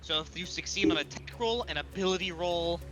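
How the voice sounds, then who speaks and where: A man playing in a tabletop role-playing game, eager and quick to argue the game rules. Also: high-pitched, a bit bright, faint music behind. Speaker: player. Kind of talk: casual tabletop game chat.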